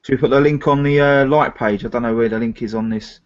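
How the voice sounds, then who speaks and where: A man's voice: medium pitch, fairly even intonation, fast talker. Chatty man on muffled stream. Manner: chatty, rambling with restarts and retold dialogue. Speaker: co-host of a film review live chat. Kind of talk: casual live-stream chat. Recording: muffled lo-fi live stream audio.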